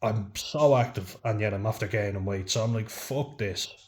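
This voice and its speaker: A man's voice: on the low side, steady tone, fairly quick, darkish tone. An Irish man vlogging to camera in a frank, casual chat, swearing freely and saying "you know" often.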